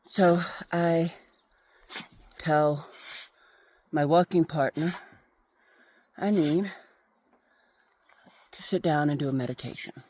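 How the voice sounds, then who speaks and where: A woman telling a rambling personal story to her viewers, halting often and restarting her sentences while she walks. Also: low voice, a little mellow, a little hiss or hum. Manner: halting, with many fillers and restarts. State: walking while talking. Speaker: meditation vlogger.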